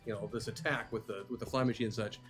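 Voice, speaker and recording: A man's voice: lowish voice, steady tone, fast, fairly bright tone, faint music behind. A man narrating as game master in an upbeat, rambling way.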